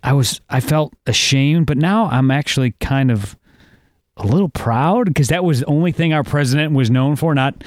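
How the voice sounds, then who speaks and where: A man's voice: mid-range voice, normal speed, no room sound, studio quality. Joking man hosting a podcast. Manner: joking, crude, teasing. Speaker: podcast host. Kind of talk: casual comedic podcast banter.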